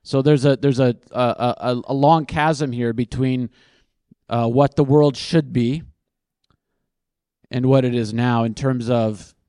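A man at a conference Q&A who answers questions conversationally and pokes fun at his own answers. His voice is smooth and resonant, and it sits at a middle pitch. The sound is dry and close, with little room echo. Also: fairly even intonation, slow pace, warm tone. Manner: conversational and self-deprecating. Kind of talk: conference Q&A, thinking aloud.

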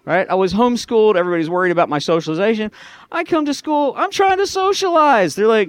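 A man's voice: high voice, lively intonation, fast, clear, resonant tone. A middle-aged man giving a sarcastic talk to a live audience, mimicking other people's voices. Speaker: speaker addressing a live audience.

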